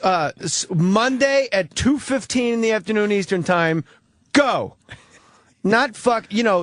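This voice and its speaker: A man's voice: sits high, a little slow, dry recording, clean studio sound. A man, a guest comedian, telling profane stories in casual radio chat and acting out other people's lines. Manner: animated, profane storytelling, acts out quoted voices.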